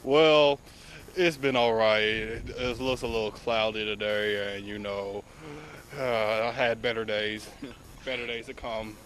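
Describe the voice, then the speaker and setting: A man's voice: lowish voice, fairly even intonation, a little slow, a bit bright. A man in costume as the Ghost of Christmas Future, answering in a dry, wry way.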